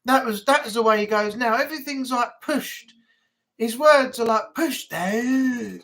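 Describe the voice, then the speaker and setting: A woman hosting a relaxed live chat stream, talking loosely and rambling with plenty of fillers and asides. Her tone is informal and conversational, and she sounds at ease. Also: on the high side, a little slow, low-quality recording. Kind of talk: casual chat.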